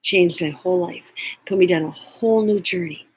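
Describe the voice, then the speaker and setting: A woman's voice: lowish voice, moderate pace, darkish tone, slightly rough, rough recording. A middle-aged woman vlogger telling a personal story, earnest and emotional, sometimes dropping to near whispers.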